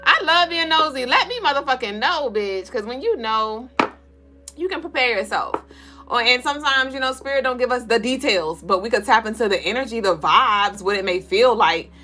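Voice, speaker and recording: A woman's voice: on the high side, lively intonation, normal speed, sharp tone, soft background music. A young woman hosting a spiritual livestream, reading out viewer comments and greeting people by name in loose, playful chat, swearing freely and laughing often.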